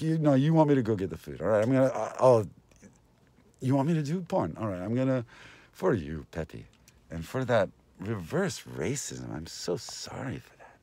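A man with a lowish, darkish voice hosts a casual, rambling vlog. He meanders, chatting with viewers one moment and with passersby nearby the next.

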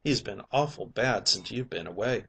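A man's voice: lowish voice, lively intonation, normal speed, creaky, a bit bright, husky, full character voice. A man voicing a whiny sick sailor. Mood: plaintive. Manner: plaintive, complaining. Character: ailing sailor, male, whiny invalid. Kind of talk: audiobook character voice.

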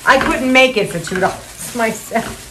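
A woman's voice: fairly high pitch, lively intonation, normal speed, fairly bright tone, slight background noise. An older woman chatting casually at home as she shows off her shopping haul, gushing and repeating herself with little laughs. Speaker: vlogger showing a shopping haul.

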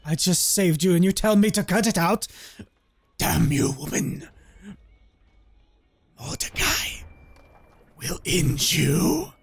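A man's voice: sits high, animated, slow pace, gravelly, pauses often, breathy edge, heavily acted. A man voicing a grandiose, menacing male wasteland wanderer in a melodramatic put-on accent while playing a game. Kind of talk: let's play role-play voice.

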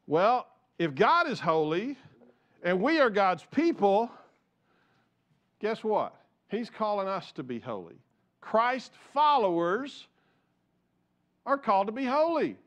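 Man pastor, high voice, chatty sermon, repeats himself, jokes with listeners. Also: sing-song, slow pace, pauses often, a bit bright. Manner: conversational, repeats words, jokes with the congregation. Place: church.

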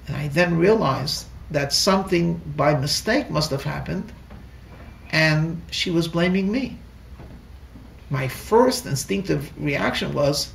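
A man, a rabbi, telling a story in a sermon, halting and repeating words, heard in an echoey room from a distant mic. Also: on the high side, animated, vocal fry. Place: lecture room in a Torah center.

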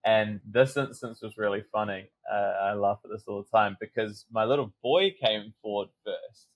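A man with a low voice tells his story as a sobriety coach in a relaxed podcast chat. He acts out his own inner voices and swears casually now and then. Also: normal speed, rough recording.

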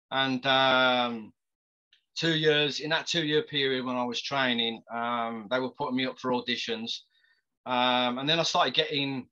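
A man's voice: mid-range voice, sharp tone, highs cut off. A man, an actor, casually telling stories with frequent laughs and stumbling restarts. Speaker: actor guest. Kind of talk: casual storytelling.

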